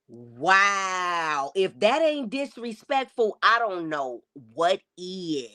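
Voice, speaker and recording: Female livestream host, casual reaction commentary, animated swooping delivery, talks right to chat. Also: fairly low pitch, drawn-out words, few pauses. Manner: chatty and exclamatory, addresses viewers directly.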